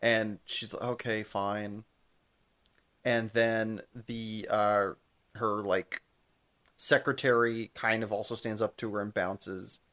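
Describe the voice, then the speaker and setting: A young man, a podcast co-host, retelling a TV episode in casual chat, animated, laughing and swearing freely. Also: on the low side, slow pace.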